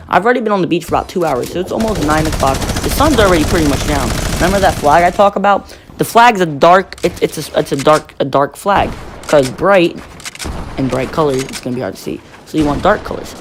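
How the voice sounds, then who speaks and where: A man's voice: on the high side, a little hiss or hum. A teenage boy telling a rambling story-time tale, full of fillers and restarts.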